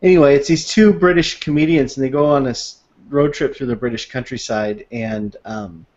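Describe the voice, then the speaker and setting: A man in a relaxed podcast chat, spinning anecdotes and breaking into laughter. His voice sits at an ordinary middle pitch. The recording sounds dull and lo-fi. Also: moderate pace. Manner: storytelling, laughs often, acts out quoted voices. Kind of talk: casual chat.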